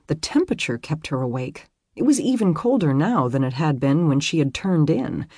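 Audiobook narrator, pitch swings all over, kinda husky, super dry close sound. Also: dry recording. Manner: expressive, lively storytelling. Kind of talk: scripted narration of a romance novel.

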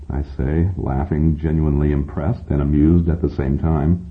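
Deep-voiced man narrating an audiobook. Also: moderate pace. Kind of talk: first-person audiobook narration. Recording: tinny phone-like sound.

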